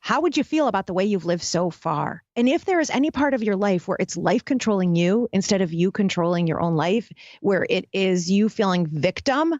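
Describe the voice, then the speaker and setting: A woman's voice: mid-range voice, lively intonation, brisk, few pauses, darkish tone, no echo. Intense storytelling woman on a dull line. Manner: intense, dramatic storyteller who addresses listeners directly. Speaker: guest, happiness expert. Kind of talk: candid storytelling interview talk.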